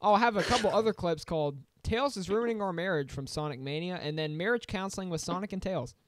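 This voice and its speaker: An excitable young man co-hosting a casual gaming podcast, laughing often. His voice is smooth and clear. The mic is close and dry, with no room sound. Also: high-pitched, fast talker, dry recording. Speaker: podcast co-host.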